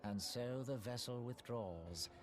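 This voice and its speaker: Man voicing a sinister aloof sorcerer, video game, cold unhurried disdain, strong game score behind. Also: mid-range voice, close to an everyday voice. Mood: disdainful. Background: game music.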